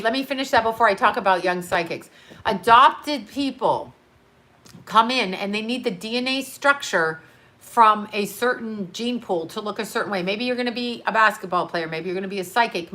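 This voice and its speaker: A woman's voice: medium pitch, bright, forceful tone. A woman chatting casually on a livestream as a psychic medium, answering viewer questions bluntly, swearing freely and laughing often. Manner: talks straight to her chat, reads out comments and riffs.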